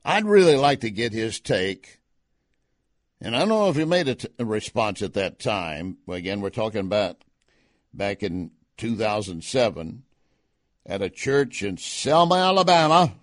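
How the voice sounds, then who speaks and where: A man's voice: fairly low pitch, animated, unhurried, no echo, clean studio sound. Emphatic man hosting talk radio. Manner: conversational, emphatic, rising on key points. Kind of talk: political commentary.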